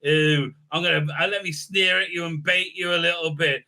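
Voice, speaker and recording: A man doing a mocking voice for a preachy, sneering female heroine, shrill and lecturing. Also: steady tone, normal speed, bright, forceful tone.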